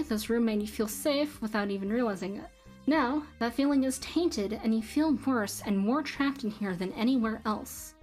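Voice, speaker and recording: A woman with a fairly high voice streams a text adventure game. She reads the game's narration in an even, deliberate way and reacts with sudden swearing. Soft music plays quietly behind her. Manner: swears in frustrated outbursts.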